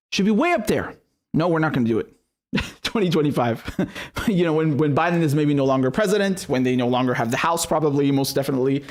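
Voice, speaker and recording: A man delivers political commentary in an angry, mocking rant, swearing freely as he goes. His voice sits fairly high for a man. He talks like a host speaking straight to his viewers. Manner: angry, sarcastic, profane, mocking.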